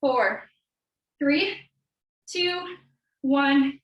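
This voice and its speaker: A woman's voice: sits high, expressive, drawn-out words, lo-fi sound. Young woman fitness coach counting down reps, kinda breathless, echoey room w/ her far from the mic. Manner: encouraging cues and countdowns. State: a little out of breath. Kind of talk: live workout class instruction.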